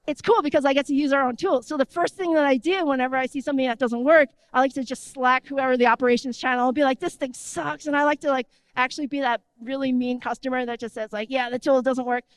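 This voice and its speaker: A woman giving an energetic conference talk in a conversational tone, often checking in with the audience. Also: high voice, fast, hardly any pauses, dry recording. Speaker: conference speaker. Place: conference stage.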